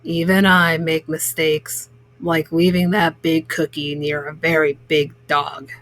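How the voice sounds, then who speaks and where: Woman reading as a proud baker man, gruff and very low, dry close sound. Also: little pitch movement, unhurried, a bit bright, no room sound. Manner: deep gruff put-on voice. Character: proud adult male cookie baker.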